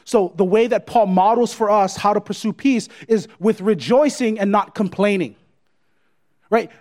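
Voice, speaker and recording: High-voiced man preaching a sermon. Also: moderate pace, a little mellow. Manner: emphatic, repeats points and checks in with "right?". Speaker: pastor.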